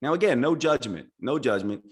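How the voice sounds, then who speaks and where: A man's voice: medium pitch, lively intonation, a little fast. A man speaking as a podcast guest, explaining his ideas earnestly and in structured steps. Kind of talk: casual podcast conversation.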